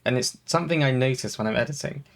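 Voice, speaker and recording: A man's voice: medium pitch, quick pace, creaky. A man co-hosting a podcast in casual chat, rambling with many fillers and restarts. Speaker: podcast co-host.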